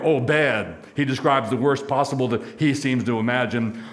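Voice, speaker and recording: A man preaching a sermon as pastor, emphatic, stacking repeated phrases and slowing for key lines. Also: mid-range voice.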